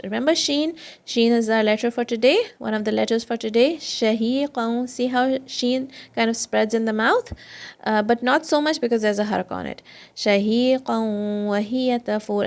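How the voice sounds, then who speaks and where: A woman teaching children Quran recitation and tajweed, patiently explaining meanings and repeating each word slowly. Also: a little high, creaky, a little mellow.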